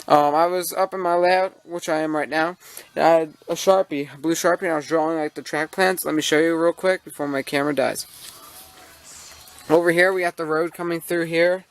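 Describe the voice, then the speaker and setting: A young American man ranting casually about railroads, rambling and indignant, with many fillers and restarts, filmed on a handheld camera in his model railroad room at home. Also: on the high side. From United States. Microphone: handheld camera mic.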